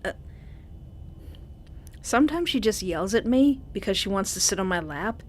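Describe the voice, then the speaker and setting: A woman streams a game playthrough, chatting casually, reading the dialogue aloud and cooing to her cat. Her mid-range voice is animated and brisk, with a little hiss or hum in the audio.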